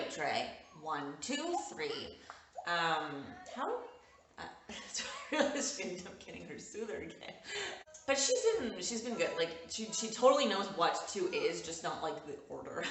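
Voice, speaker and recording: A woman's voice: low-pitched, fairly bright tone. A young woman vlogging casually to camera from home, rambling and laughing often. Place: indoors at home with window light. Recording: roomy echo, distant mic, faint noise.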